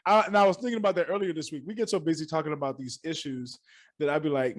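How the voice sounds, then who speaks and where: A man's voice: on the high side, fairly even intonation, fast talker. A man hosting a student mentoring podcast, upbeat and effusive, repeating words for emphasis. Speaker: host. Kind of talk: casual podcast chat.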